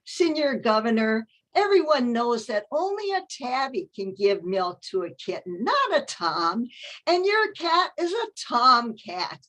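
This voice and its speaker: Woman storyteller as indignant neighbor, emphatic, wide pitch swings. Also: big pitch swings, unhurried, fairly bright tone, heavily acted. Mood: scolding.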